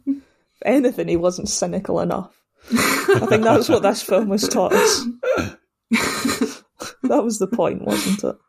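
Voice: medium pitch, lively intonation, a little slow, gravelly, long pauses, husky. A speaker chatting casually about a film, arguing wry points in a dry way. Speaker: podcast co-host discussing a film. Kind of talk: casual chat.

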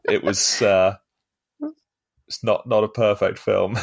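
A man's voice: on the low side, little pitch movement, takes it slowly, creaky. A man hosting a casual film club chat over a video call, joking wryly and sarcastically. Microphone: laptop microphone on a video call.

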